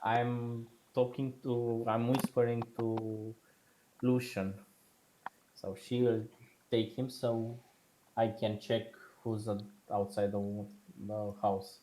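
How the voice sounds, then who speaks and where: A man's voice: medium pitch, level tone, slow pace, warm tone, a little hiss or hum, low-quality recording. A man playing a tabletop game, describing his character's actions plainly and searching for words as he goes. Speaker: player.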